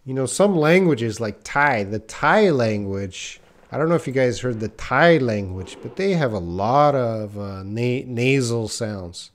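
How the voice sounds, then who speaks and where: Here a man teaches English on a live stream in a mid-range voice with lively intonation, going a little slowly but with few pauses. He reads out viewers' names and comments and mulls things over aloud with many "uh"s.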